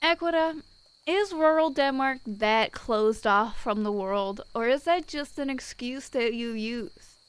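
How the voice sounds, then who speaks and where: A young woman chats casually on a live stream, blunt and wry as she reads out viewers' comments. Her voice sits a little high and sounds smooth and clear. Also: measured pace, no echo. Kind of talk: casual chat, reading out live chat.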